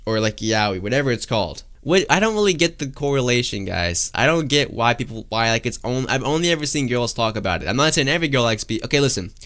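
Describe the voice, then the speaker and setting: A man's voice: mid-range voice, fairly bright tone, clean tone. A young man streaming live, chatting casually and reading out viewer messages, rambling with lots of fillers and calling everyone "guys" and "bro".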